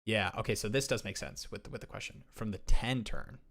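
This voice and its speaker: A young man chatting casually on a live stream as he drafts fantasy football, excitable and rambling, often restarting his sentences. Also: on the low side, fairly quick, vocal fry. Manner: excitable, rambling, self-interrupting.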